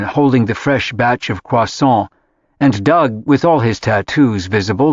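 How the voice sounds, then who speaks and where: A man reading a contemporary novel aloud in scripted narration, measured and even. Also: medium pitch, no room sound. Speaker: audiobook narrator. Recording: dry, slightly dull audiobook audio.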